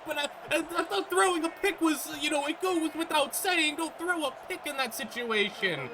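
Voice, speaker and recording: A man giving excitable let's-play commentary on a football video game, reacting aloud to each play. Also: very high-pitched, normal speed, few pauses, background noise. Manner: excitable, talks back to the game. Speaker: gaming YouTuber.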